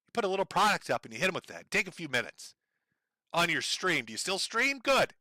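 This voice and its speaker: A man's voice: sits high, sing-song, brisk, bright, forceful tone, dry recording. A middle-aged man giving angry, profane commentary on a livestream, mocking and sarcastic, sore from broken ribs. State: in pain from broken ribs, on medication.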